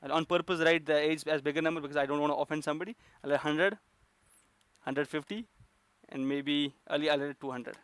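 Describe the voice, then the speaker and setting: Man, programming instructor, fairly high voice, hesitant step-by-step explaining, dry recording. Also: fairly even intonation, a little fast, fairly bright tone, clean tone, no echo. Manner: explains step by step with many fillers and restarts. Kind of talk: recorded coding lesson.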